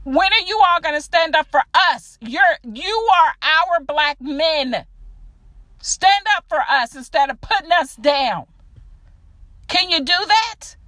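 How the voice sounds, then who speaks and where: A woman's voice: high voice, lively intonation, measured pace, a bit bright, no room sound. A woman hosting her own podcast, delivering a blunt, profane opinion monologue straight to her listeners. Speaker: podcast host.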